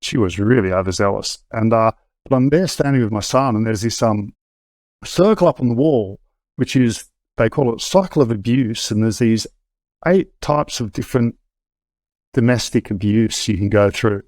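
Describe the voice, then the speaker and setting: A middle-aged Australian man, appearing as a guest, tells a candid personal story in a fairly low voice with a darkish tone at a moderate pace. The recording is completely dry. He speaks conversationally, stopping and restarting a lot and using plenty of fillers.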